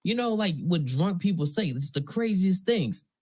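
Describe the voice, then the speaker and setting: A man on a stream casually telling a personal story in a relaxed, profane, conversational way. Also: sits high, normal speed. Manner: laid-back, profane, conversational.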